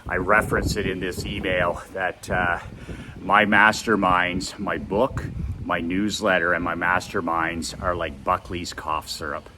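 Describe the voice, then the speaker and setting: A man with a low, deep voice delivers a pushy, repetitive motivational pitch while walking outside. Steady outdoor noise and passing traffic sit clearly behind him. He hammers each point home. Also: unhurried. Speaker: host. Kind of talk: walk-and-talk sales pitch.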